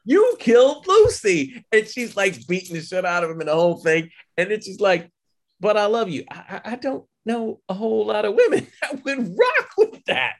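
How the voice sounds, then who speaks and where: A man co-hosting a podcast, talking casually about films in a profane, animated way and acting out quotes. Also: sits high, fairly quick, vocal fry, few pauses. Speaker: podcast co-host. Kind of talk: casual film chat.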